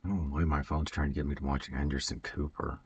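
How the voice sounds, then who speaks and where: A man's voice: a bass voice, level tone, quick pace, a little mellow, husky. A man chatting casually and rambling while he works on a Lego build, hesitant, with many fillers and stutters and frequent chuckles. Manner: chuckles often.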